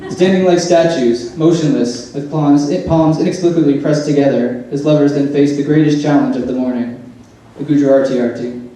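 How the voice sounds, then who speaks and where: A man's voice: a little high, steady tone, normal speed, mellow, a little hiss or hum. A man reading a humorous personal essay aloud, with wry, dry asides. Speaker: essay reader. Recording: echoey room, mic far off.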